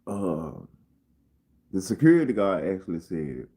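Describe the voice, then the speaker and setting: A man's voice: low voice, big pitch swings, moderate pace, mellow. A man spins a casual storytime on a livestream. He rambles, curses freely and repeats lines as he works his way through the tale. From Memphis, Tennessee. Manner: rambling, profane, repeats himself. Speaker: live streamer.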